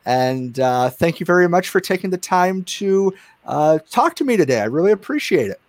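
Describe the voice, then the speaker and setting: A man's voice: high voice, very animated, moderate pace, no room sound. A man hosting a casual interview, chatty, with many fillers and restarts and frequent laughter. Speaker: interview host.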